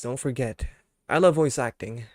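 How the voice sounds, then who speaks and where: A man's voice: mid-range voice, moderate pace, no echo, studio quality. A young man chatting casually on his live stream, ranting with mock anger at his chat, then laughing and apologizing.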